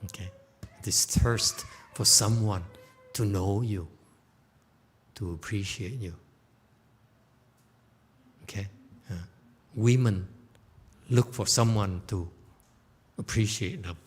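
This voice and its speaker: A man gives a Buddhist dharma lecture with a low voice and a slow, unhurried pace. He tells stories informally and keeps asking "okay?" to check that listeners follow. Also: slight background noise. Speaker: Buddhist teacher. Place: temple lecture hall.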